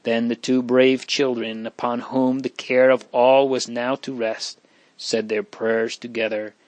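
Male audiobook narrator, measured and calm, dry sound. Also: medium pitch, no echo. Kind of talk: scripted narration.

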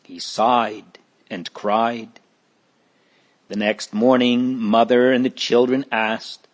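A man narrating a chapter of a moral storybook in a plain, deliberate manner. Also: mid-range voice, fairly even intonation.

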